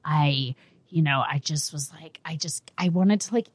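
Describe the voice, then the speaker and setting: A woman chatting casually as a guest, telling a story in an animated way and acting out what people said. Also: sits low, moderate pace, dry recording. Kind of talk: casual chat.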